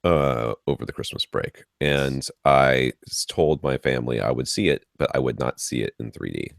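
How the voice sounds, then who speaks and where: A man around forty hosting a podcast, telling ranting stories in a casual, animated way with lots of restarts. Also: a bass voice, normal speed, gravelly, no echo, clean studio sound. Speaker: podcast host.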